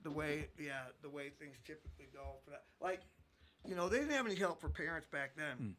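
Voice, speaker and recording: A man's voice: on the high side, fairly quick, noisy background. A man in his fifties from Michigan, a comedian guest telling rambling, self-mocking stories with lots of fillers. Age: 50s. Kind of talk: casual podcast chat.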